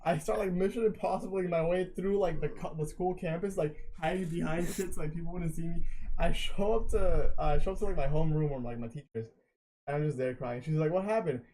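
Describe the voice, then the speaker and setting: A man's voice: a little high, steady tone, fairly quick, dark tone, slight background noise, poor audio. A young man telling rambling stories on a casual late-night podcast, swearing often. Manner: rambling storyteller, swears a lot. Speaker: guest.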